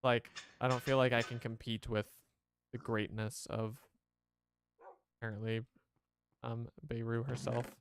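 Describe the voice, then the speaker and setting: A man's voice: medium pitch, little pitch movement, measured pace, gravelly, long pauses, a little hiss or hum. A man streaming a game, chatting casually to his viewers and rambling as he plays. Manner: rambling, chatty, talks to chat.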